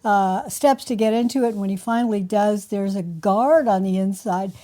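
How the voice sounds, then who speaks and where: A woman's voice: medium pitch, normal speed, dark tone. A woman co-hosting a talk podcast, chatting casually and telling anecdotes. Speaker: podcast co-host. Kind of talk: casual conversational commentary.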